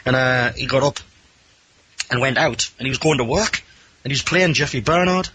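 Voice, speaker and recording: Calling in to a radio show over some background noise, a Geordie-accented man with a medium-pitched voice speaks at normal speed. He tells a rambling, self-mocking anecdote and acts out the other people in it.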